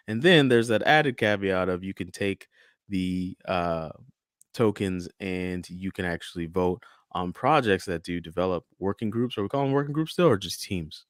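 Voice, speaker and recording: A man co-hosting a casual podcast roundtable, animated and jokey, acting out quotes as he talks. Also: sits low, normal speed, dry recording, clean studio sound. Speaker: podcast co-host.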